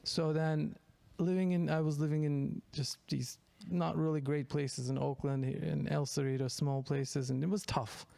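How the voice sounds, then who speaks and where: Gravelly comedian, slightly high. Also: male voice, level tone, moderate pace, few pauses, warm tone, dry recording. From Turkey. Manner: rambling, self-deprecating storyteller with frequent restarts and laughs. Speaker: comedian guest. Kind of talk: casual podcast chat.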